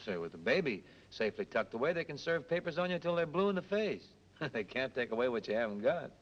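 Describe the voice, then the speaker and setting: A breezy crooner cabbie, lively delivery, 1930s film sound. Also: male voice, mid-range voice, fast. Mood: helpful. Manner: breezy, joking, chatty. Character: easygoing young male cab driver and crooner. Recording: dull old film soundtrack with hiss.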